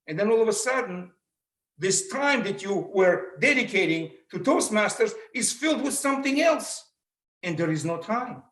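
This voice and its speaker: A middle-aged man with a Russian accent giving an animated motivational talk, acting out the voices he quotes. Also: high-pitched, normal speed, echoey room. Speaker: motivational speaker. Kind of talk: public speaking talk.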